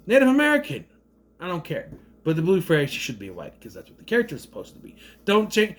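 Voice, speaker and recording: Animated high-voiced man ranting about a movie. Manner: rambling, sarcastic, swears freely. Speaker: movie reviewer. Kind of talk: casual rambling movie commentary.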